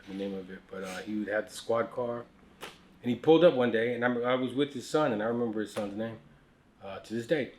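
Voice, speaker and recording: Candid man telling stories, casual. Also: on the low side. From United States. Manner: candid, frequent fillers and restarts, drops to quiet asides. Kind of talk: casual storytelling conversation.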